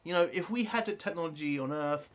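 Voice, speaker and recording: A man's voice: a little high, fast talker, a bit bright. A man giving a casual spoken review of a TV episode. He rants in an exasperated way and swears a lot.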